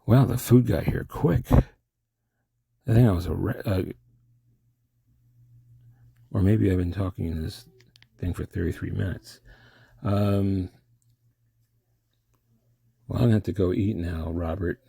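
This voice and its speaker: A man's voice: low-pitched, slow, gravelly, long pauses, mellow, husky, no room sound, clean studio sound. A man in a rambling, improvised comic monologue, often losing his train of thought and trailing off.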